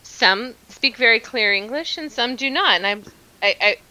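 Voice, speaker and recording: Chatty American woman guest, bright tense voice, laughs through her stories. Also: on the high side, animated, normal speed, rough recording. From Oregon, United States. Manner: chatty, laughs often, storytelling. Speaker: interview guest. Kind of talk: casual conversation.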